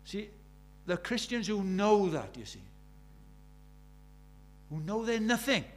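An older man preaching a sermon, earnest, swinging between quiet reflection and emphatic, pleading passages. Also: high voice, big pitch swings, slow. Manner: earnest, swinging between soft and emphatic, acts out quoted prayers.

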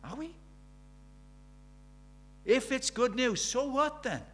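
A middle-aged man preaching a sermon. He drops to near-whispers and then rises to loud, urgent questions. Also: very high voice, expressive, slow. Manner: swings from hushed intimacy to loud urgent questions.

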